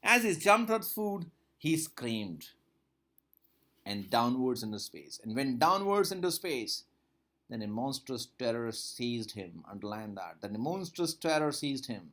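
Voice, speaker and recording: With a mid-range, fairly bright voice that swings widely in pitch, a man teaches English at an unhurried pace. He reads a textbook story line by line, repeating each one and paraphrasing it with mounting emphasis.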